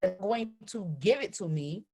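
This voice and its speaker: A woman hosting a live motivational call as a trading coach, emphatic and animated, tagging nearly every sentence with "right?". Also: mid-range voice, measured pace. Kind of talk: live-streamed motivational talk.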